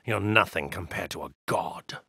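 A sneering, gravelly evil god. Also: male voice, low-pitched, moderate pace, bright, forceful tone, dry recording, studio quality, exaggerated voice. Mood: contemptuous. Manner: haughty, contemptuous, grandiose. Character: arrogant evil god in a hero's body, male. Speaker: video game character. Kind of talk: game voice lines.

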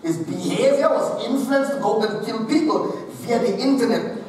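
High-voiced preacher in an echoey hall. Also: male voice, normal speed, a little mellow. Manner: emphatic, repeating phrases for stress. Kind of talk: sermon. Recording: echoey hall, distant mic, faint hiss.

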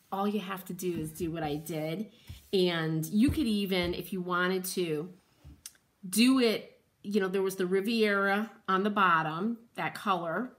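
Woman hosting a live craft demo, chatty, unhurried, bright tone, reads viewer comments aloud. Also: medium pitch. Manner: laughs often, playful asides. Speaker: host of a live furniture painting demo.

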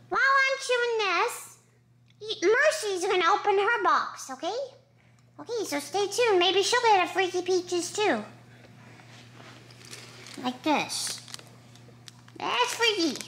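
A woman voicing an excitable young male terrier dog who gushes and chatters about his treats. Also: extremely high pitch, slight background noise, heavily acted.

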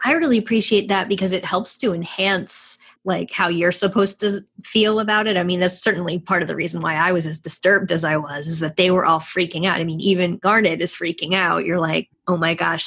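A woman's voice: on the low side, a little fast, hardly any pauses, a bit bright, slightly rough. A woman co-hosting a podcast in casual chat, talking freely and laughing often. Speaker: podcast co-host.

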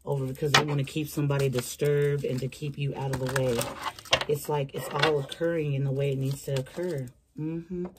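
Low-voiced chatty woman reading tarot. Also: noisy background. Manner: chatty, slangy, talks straight to viewers. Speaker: tarot reader. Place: small bedroom.

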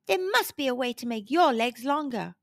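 Storybook: cheery young boy cheese mechanic, high and lively, put on by a woman. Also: moderate pace, dry recording, clean studio sound. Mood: excited. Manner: excited, exclamatory.

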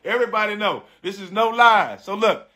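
A middle-aged man hosting a podcast, telling a story casually in animated, profane slang and repeating his phrases. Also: sits high, brisk. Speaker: podcast host.

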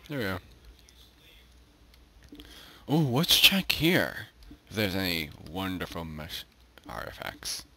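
Deep-voiced goofy gaming YouTuber man. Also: very animated, takes it slowly, pauses often, sharp tone, a little hiss or hum. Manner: goofy, talks to animals in the game. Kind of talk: casual let's-play commentary.

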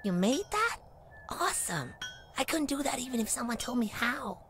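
A woman's voice: on the high side, very animated, normal speed, fairly bright tone, faint music behind. A woman voicing a wide-eyed, enthusiastic young townsperson in a video game. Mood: awed.

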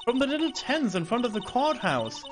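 A man's voice: very high-pitched, big pitch swings, moderate pace, music in the background, voice pushed up. A man doing a chirpy young woman. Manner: raised, bubbly.

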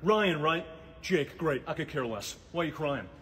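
A young man performing one-man comedy sketches, switching between sarcastic, shouting and soft-spoken characters. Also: fairly high pitch, expressive, normal speed.

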